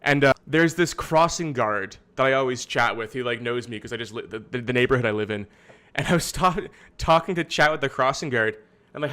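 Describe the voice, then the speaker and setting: A man rambles through casual livestream commentary in his studio. His talk is exasperated and full of swearing and restarts, and his voice sits at an ordinary middle pitch. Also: brisk, sharp tone, clear, resonant tone. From Canada. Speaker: streamer host.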